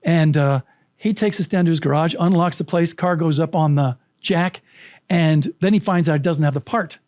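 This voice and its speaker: A man in his sixties spins a childhood story for an interviewer, slipping in the voices of its characters. His voice sits a little above the usual pitch for a man, and his delivery is vivid and animated. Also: moderate pace, no room sound, studio quality. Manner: vivid anecdotes, acting out quoted voices. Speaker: guest, storytelling coach.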